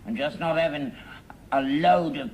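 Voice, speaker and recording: A man's voice: on the high side, a little slow, a little mellow, close to an everyday voice. An actor playing a grumpy old father. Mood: grumbling. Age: older. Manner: grumbling, stubborn and sour. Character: grumpy old working-class father, stubborn and cynical. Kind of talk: 1960s-70s TV sitcom acting. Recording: hissy archive TV recording with far audience laughter.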